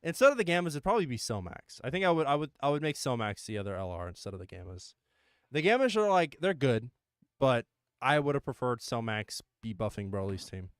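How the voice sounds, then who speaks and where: A man's voice: mid-range voice, big pitch swings, fairly quick, smooth, no room sound, studio quality. A man hosting a livestream, chatting casually and animatedly about a mobile game, swearing and laughing often. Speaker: livestream host. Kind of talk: casual gaming chat.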